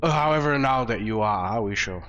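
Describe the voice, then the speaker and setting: A hoarse man voicing a massive, courtly male vampire prince in a tabletop game, talking in a stately, measured way. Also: on the low side, expressive, fairly bright tone. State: hoarse from flu. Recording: dull lo-fi recording, faint music.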